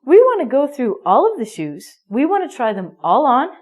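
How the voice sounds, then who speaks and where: A woman's voice: fairly high pitch, very animated, moderate pace. A woman teaching an English grammar lesson, playful and emphatic, acting out little everyday scenes.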